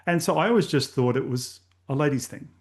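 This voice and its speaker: A man's voice: mid-range voice, brisk. An older Australian man telling candid, rambling personal stories as an interview guest. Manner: candid, rambling anecdotes with many fillers. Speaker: podcast host guest. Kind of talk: casual storytelling interview.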